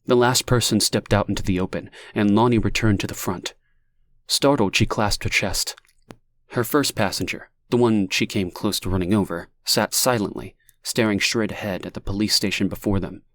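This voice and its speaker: Male narrator, audiobook, low voice, dry recording, steady measured pace. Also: no echo. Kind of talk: scripted narration.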